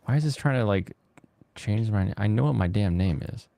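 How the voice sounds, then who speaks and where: Low-ish guy hosting a chill chat while gaming, lots of uh and like, dry mic. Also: expressive, creaky, mellow, no echo. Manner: rambling, halting with many fillers. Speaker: host.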